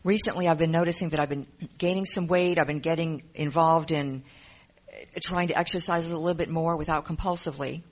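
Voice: mid-range voice, steady tone, fairly quick. A speaker giving an earnest, emotional personal testimony in a recovery program, often repeating phrases. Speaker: member sharing in a recovery program.

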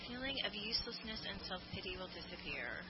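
A woman's voice: medium pitch, expressive, fairly quick. A woman speaking candidly and self-deprecatingly at a twelve-step meeting, rambling with many fillers. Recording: muffled lo-fi recording with background noise.

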